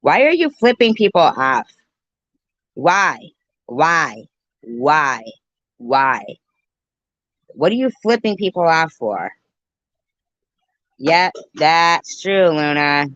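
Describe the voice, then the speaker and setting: Slow-talking crude woman streamer. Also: sits low, big pitch swings, fairly bright tone, dry recording. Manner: crude, joking, swears freely. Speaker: commentary host. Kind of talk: casual live-stream commentary. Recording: dull muffled dry sound.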